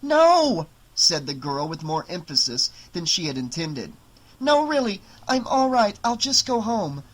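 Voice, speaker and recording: A man's voice: on the high side, normal speed, sharp tone, slightly rough. A man putting on a scared, determined teenage girl. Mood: urgent.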